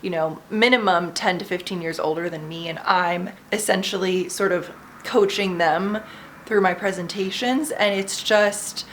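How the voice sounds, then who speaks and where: A woman's voice: on the low side, a little slow, fairly bright tone, slight background noise. A woman in her twenties vlogging at home in casual, candid chat, filling her talk with "you know" and "like" as she confesses her self-doubt. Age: 20s. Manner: chatty and candid, frequent fillers like "you know" and "like". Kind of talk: casual vlog chat to camera.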